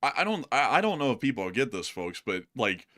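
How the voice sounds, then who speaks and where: Male host, chatty rambler, stammers, bright forward tone. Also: medium pitch, big pitch swings, fairly quick. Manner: rambling, filler-heavy, stammers. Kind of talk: casual chat.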